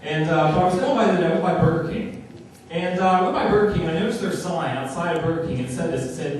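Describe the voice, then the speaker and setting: A young man doing deadpan stand-up comedy on a club stage, with a flat, dry delivery and pauses. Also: high-pitched, distant mic. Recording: echoey room heard from afar, noisy.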